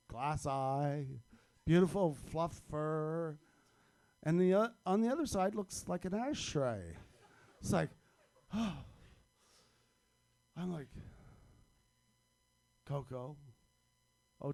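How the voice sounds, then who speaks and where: A man tells a personal story to a live audience with wry, dark humor. His voice sits a little high, and he talks at an unhurried pace, pausing and chuckling at his own punchlines. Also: expressive. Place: stage at a live storytelling event.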